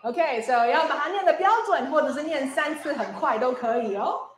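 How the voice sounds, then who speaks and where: A woman's voice: high voice, expressive, fairly quick, a little hiss or hum. A young woman, a visiting radio presenter, leading schoolchildren through tongue twisters in an upbeat, encouraging way, often laughing. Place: school hall with children. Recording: echoey hall with children's chatter.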